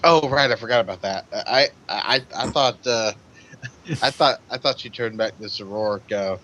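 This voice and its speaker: A man's voice: lowish voice, a little slow, pushed and bright, dull audio, a little hiss or hum. A man playing a tabletop role-play game, stammering and repeating words. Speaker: player.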